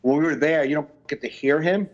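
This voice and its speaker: A man co-hosting a podcast, chatting casually, telling stories at length with restarts and quick bursts of mimicry. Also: a little high, highs cut off. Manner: rambling, animated storytelling with impressions. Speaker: podcast co-host. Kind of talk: casual chat.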